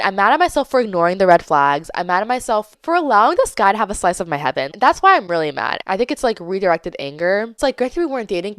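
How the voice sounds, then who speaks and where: A young woman tells a dating story on her podcast, chatty and dramatic, acting out what other people said. Her voice is smooth and clear. The sound is close and dry. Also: on the high side, no room sound. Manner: chatty, dramatic, acts out quoted lines. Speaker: podcast host. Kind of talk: casual storytime monologue.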